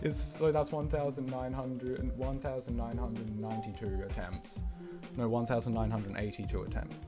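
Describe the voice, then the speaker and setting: A man's voice: medium pitch, fairly even intonation, normal speed. A man commenting as he plays a rhythm game, breaking into exasperated outbursts and mocking himself. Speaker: gamer playing a rhythm game. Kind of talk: live gameplay commentary. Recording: game music under voice. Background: electronic game music.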